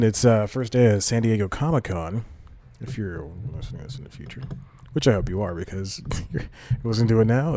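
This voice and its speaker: A man's voice: fairly low pitch, dark tone, no echo. Rambling man hosting a solo podcast. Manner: loose, self-deprecating, restarts sentences. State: slightly out of breath. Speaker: podcast host.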